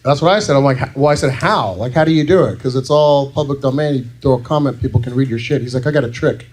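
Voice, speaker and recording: A man's voice: mid-range voice, quick pace, a little mellow. A man doing a stand-up set in a comedy club, telling a crude story in an incredulous tone.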